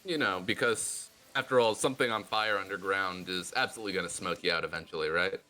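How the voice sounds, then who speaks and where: A man narrating as game master of a tabletop game, descriptive and playful, slowing down for dramatic detail. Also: deep voice, bright, forceful tone.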